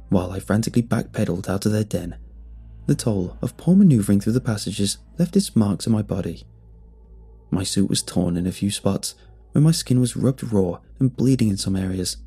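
A man narrating a first-person horror story in a tense, measured way. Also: fairly low pitch, dark tone, husky. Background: faint music.

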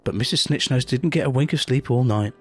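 A man co-hosting a podcast, reading a children's book aloud in a sing-song way with squeaky character voices and crude comic asides. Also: a little fast, breathy edge, faint music behind.

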